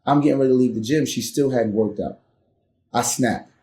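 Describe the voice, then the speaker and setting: A man's voice: medium pitch, fairly quick. Earnest man telling a story, roomy. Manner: earnest, builds to loud re-enacted arguments. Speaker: podcast guest. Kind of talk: candid storytelling.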